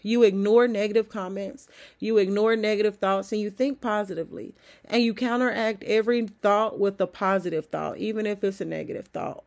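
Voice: mid-range voice, steady tone, fairly quick, vocal fry. A motivational host speaks in a casual, encouraging way, often asking the listener questions. A cold leaves the voice a little sniffly. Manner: conversational and encouraging, with rhetorical questions. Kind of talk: motivational self-help talk.

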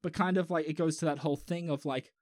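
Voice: medium pitch, steady tone, fast, a little mellow, dry recording, studio quality. A young adult with an Australian accent, co-hosting a casual podcast chat, rambling with restarts, fillers and swearing. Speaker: podcast co-host.

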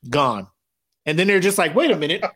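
A man co-hosting a podcast in casual chat, profane and animated, acting out movie scenes in quick voices. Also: a little high, slightly rough. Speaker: podcast co-host.

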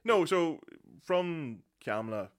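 A man's voice: fairly high pitch, animated, slow, crowd noise. A man in his thirties with a South Armagh accent, a podcast guest chatting casually with dry, self-deprecating humour. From South Armagh, Northern Ireland.

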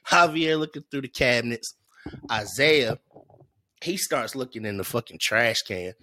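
A man's voice: mid-range voice, expressive, measured pace, bright, forceful tone, slight background noise. A man telling a funny story in a casual podcast chat, acting out quotes and laughing often. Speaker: podcast co-host.

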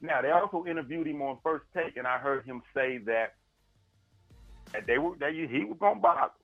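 Man, casual sports chat, animated, paraphrasing, dry close sound, dull lo-fi audio. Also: on the high side, moderate pace, no room sound, faint music behind. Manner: animated storyteller, paraphrasing and laughing. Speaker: podcast co-host.

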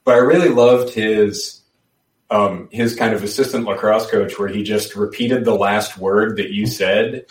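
A man's voice: lowish voice, steady tone, unhurried. A man talking casually as a podcast guest, rambling with lots of restarts and fillers. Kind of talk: casual chat. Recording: roomy, distant from the mic.

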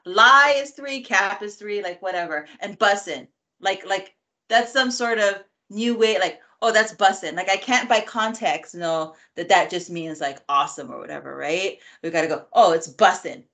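A woman's voice: medium pitch, normal speed, sharp tone. A middle-aged woman co-hosting a podcast in casual chat, ranting in mock indignation and laughing often. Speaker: podcast co-host.

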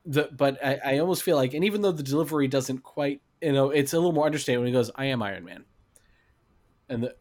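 A man's voice: medium pitch, fast talker, few pauses, darkish tone. A man co-hosting a casual movie podcast, talking eagerly and restarting his sentences often. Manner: enthusiastic, restarts often, quotes lines. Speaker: podcast co-host. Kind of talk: casual film discussion.

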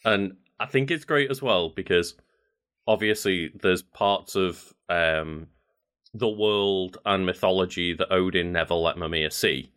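A man's voice: low voice, measured pace, fairly bright tone, clean tone. A man co-hosting a podcast in casual chat, rambling through his points with fillers. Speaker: podcast co-host.

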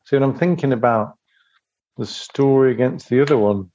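A man's voice: mid-range voice, moderate pace, dark tone, slight background noise. A man co-hosting a casual podcast, rambling and hesitant as he stops to think. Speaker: podcast co-host. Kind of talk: casual chat reviewing songs. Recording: muffled lo-fi mic.

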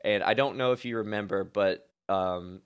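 A young man telling a story in casual chat, laid-back, heavy on filler words and swearing, getting animated as he retells it. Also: fairly low pitch, normal speed, clean tone.

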